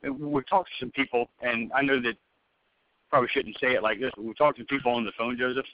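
Over muffled phone audio, a hiring manager interviews a job candidate, speaking loosely with plenty of fillers and restarts. He has a medium-pitched, steady voice and talks fast.

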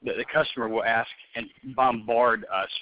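A man interviewing a candidate by phone speaks at a moderate pace in a mid-range voice with fairly even intonation. The call audio is muffled with no room sound, and his speech is loose, full of fillers and restarts.

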